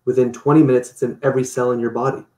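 A man being interviewed, telling stories in a lively way and acting out what people said. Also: mid-range voice, very fast, reverberant. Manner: animated storytelling, acts out quotes. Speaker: guest. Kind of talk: casual interview.

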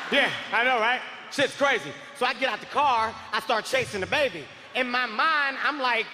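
A man performing a stand-up comedy routine, telling a profane, excitable story with bursts of shouting, recorded live on stage. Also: extremely high pitch, moderate pace. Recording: live venue reverb with faint noise.

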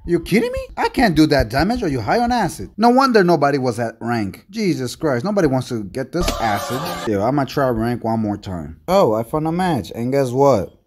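A young man giving gameplay commentary, full of loud, exasperated reactions and constant swearing. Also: mid-range voice, big pitch swings, normal speed, few pauses. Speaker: gaming YouTuber. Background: background music.

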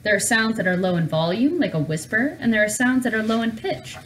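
A man's voice: high voice, a little fast, recorded from a distance, a little hiss or hum. A woman reading a patient engineer father. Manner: calm, patient explaining.

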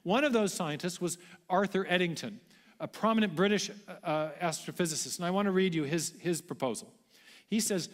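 A man's voice: high-pitched, a little fast, big-room sound. A man giving a public lecture, explaining step by step in an earnest way.

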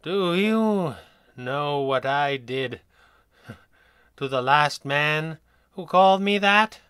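A man voicing a tired, croaking madman supervillain locked in a cell, drawling and mocking. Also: a little high, animated, drawn-out words, fairly bright tone, dry recording, studio quality, exaggerated voice. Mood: weary, mocking. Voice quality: croaky, weary.

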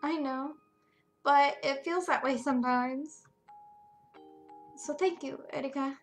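Girl reading as a shy hurt young woman, soft and hesitant, high voice. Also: takes it slowly, faint music behind. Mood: hesitant, tender. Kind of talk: reading game dialogue aloud.

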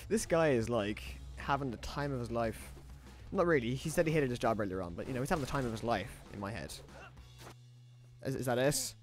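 An Irish man narrates a video game playthrough with jokey, self-deprecating chatter. His pitch swings up and down a lot. He sounds stressed and keeps talking to his viewers. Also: lively intonation, a little fast, faint music behind. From Ireland. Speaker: gaming YouTuber. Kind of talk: let's-play commentary.

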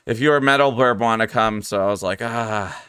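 A man from Canada reacting to a metal song on his stream, excitable and loose, swearing casually and filling gaps with uhs. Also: lowish voice, brisk, smooth, no room sound, studio quality.

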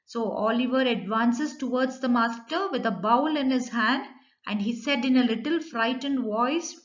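A woman's voice: on the high side, measured pace, highs cut off. A woman teacher with an Indian English accent who reads a story aloud and then explains each line in simple words.

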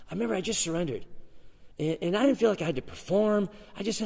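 A man in his sixties, a guest pastor, preaching a sermon and telling his personal story in an animated way, with sudden swings between loud and soft. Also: high-pitched, very fast, vocal fry, big-room sound, slight background noise. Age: 60s. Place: church sanctuary.

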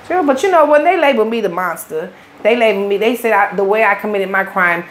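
A woman's voice: mid-range voice, expressive, fast. A woman, an interview guest telling her own story in blunt, profane street talk.

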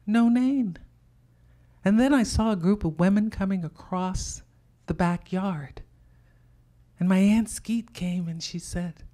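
A woman tells a story from her own life. She speaks slowly and with measured care, pausing between phrases. Her pitch sits in an ordinary middle range. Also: dark tone. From Louisiana. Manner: slow, measured, heartfelt. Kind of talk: live personal storytelling.

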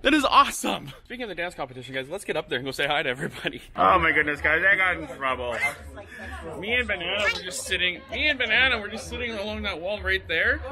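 A man vlogging casually, telling stories in a chatty, excitable way while out and about with a handheld camera. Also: high-pitched, fast talker, crowd noise. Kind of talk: casual vlog chat.

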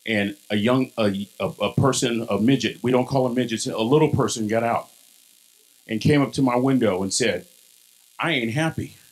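A man's voice: medium pitch, normal speed. A man with a Texan accent giving a motivational keynote, folksy and playful, leading the audience in call-and-response. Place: large hall with live audience.

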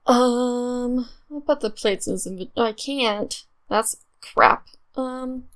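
A woman's voice: a little high, slow pace, a bit bright. A young woman chatting casually over her gameplay, bubbly and gushing, with lots of fillers. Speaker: let's play gamer.

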